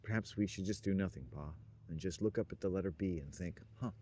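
Low-voiced guy rambling on, chuckly, wandering thoughts, faint hiss behind. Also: fast, dark tone. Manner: meandering, frequent chuckles, trailing off. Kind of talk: rambling stream-of-consciousness monologue.

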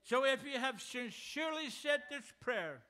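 A man's voice: very high voice, animated, normal speed, bright, forceful tone. A man serving as pastor who leads prayer during a sermon, earnest and prayerful.

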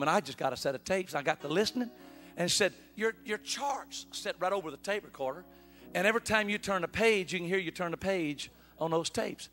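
A man's voice: sits high, expressive, a little fast, sharp tone, faint music behind. An older man, a bishop, preaching a sermon in a folksy storytelling manner. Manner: folksy storyteller, acts out dialogue. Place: church sanctuary.

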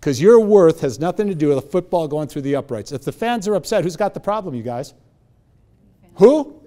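A man in his sixties giving a live motivational talk, telling stories with lively acted-out dialogue. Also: a little high. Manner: animated storytelling, acting out both sides of dialogues. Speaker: motivational speaker.

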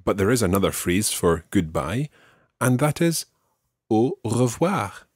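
A man's voice: fairly low pitch, very animated, a little slow, breathy edge, dry recording, clean studio sound. A man teaching beginners in a podcast lesson, patiently explaining each phrase step by step and modelling its pronunciation. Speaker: language teacher.

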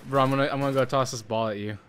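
A man's voice: mid-range voice, fairly even intonation, very fast, fairly bright tone, slight background noise. A young man hosting a gaming channel, chatting casually with friends while playing, joking and laughing often. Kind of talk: casual gameplay chat with friends.

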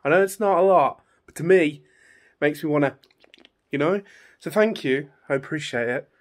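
A man with a hoarse, fading voice, rambling chattily through a casual room tour vlog filmed on a phone in his bedroom. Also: a little high, normal speed. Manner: rambling, chatty, easily sidetracked. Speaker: YouTuber.

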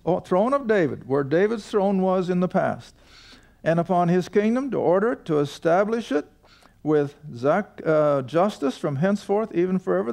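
An older man with a high, creaky voice of darkish tone teaches a Bible study to a seated class in a room with a studio audience. He reads verses aloud and puts folksy questions to his listeners.

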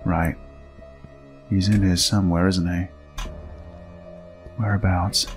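A man's voice: sits low, flat delivery, slow. A man commentating his horror game playthrough, talking to himself, startling and laughing nervously as he goes. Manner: jumpy, laughing, talks to himself. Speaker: gameplay commentator. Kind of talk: let's play commentary. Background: game music.

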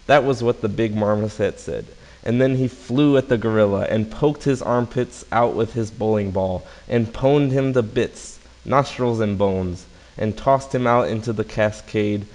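Slow, low-voiced man reading a silly tale. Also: a little mellow, rough recording. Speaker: storyteller. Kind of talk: reading a silly fill-in-the-blank story.

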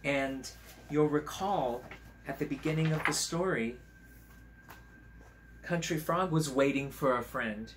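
A man, a teacher, reading a picture book aloud to children at home on camera, in a gentle, chatty way, stopping to point out the pictures. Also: fairly high pitch, measured pace, long pauses, slight background noise.

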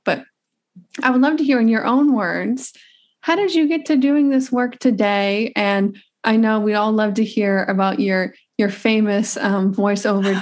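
Chatty woman host in her thirties. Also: mid-range voice. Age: 30s. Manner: upbeat, chatty, stumbles and restarts. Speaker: podcast host. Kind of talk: casual interview chat.

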